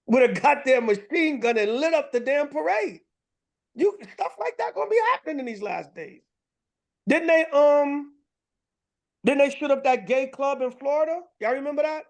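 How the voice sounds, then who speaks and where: A man's voice: very high voice, animated, normal speed, gravelly. A man giving casual religious commentary, rambling and profane, with many fillers and restarts. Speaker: online commentator.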